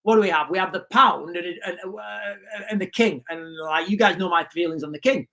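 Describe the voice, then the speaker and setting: A man's voice: high-pitched, a little fast, creaky, sharp tone. A man hosting a livestream, ranting emphatically, repeating himself and putting questions to his viewers. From United Kingdom. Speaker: livestream host.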